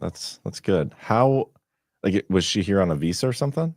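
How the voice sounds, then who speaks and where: A man's voice: low voice, lively intonation, moderate pace, a little mellow, no room sound, clean studio sound. A man hosting a podcast in casual chat, teasing and incredulous in his reactions. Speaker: podcast host.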